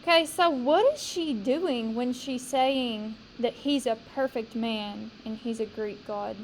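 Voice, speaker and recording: A woman teacher leading a poetry discussion with a class, talking slowly and emphatically and asking the students questions. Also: a little high, slight background noise, poor audio.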